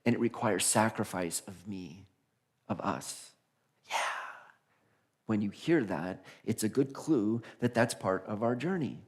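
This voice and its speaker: A man minister preaching a conversational Sunday sermon, animated and laughing as he acts out the voices of figures in his stories. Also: on the low side, a little slow. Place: church sanctuary.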